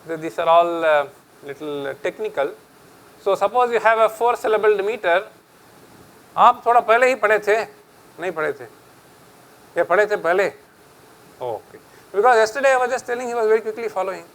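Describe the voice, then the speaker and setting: Fast, high-voiced Indian man lecturing. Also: fairly bright tone, poor audio. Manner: chatty, switches between English and Hindi, laughs often. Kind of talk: public lecture.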